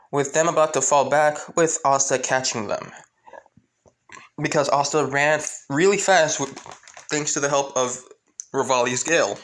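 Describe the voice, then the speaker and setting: A man's voice: medium pitch, a bit bright. A man casually improvising a fan fiction story aloud, rambling along with lots of fillers, restarts and repeated stock phrases.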